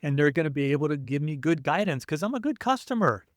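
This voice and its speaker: A man who is a podcast guest, telling relaxed, anecdotal stories in an interview conversation. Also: a little high, fast talker, no echo, studio quality. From United States.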